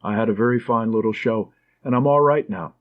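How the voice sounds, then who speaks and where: A man voicing a fragile, tender young woman nurse who speaks softly and pleadingly, in a slightly dull lo-fi recording. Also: fairly low pitch, a little fast, natural voice. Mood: wistful.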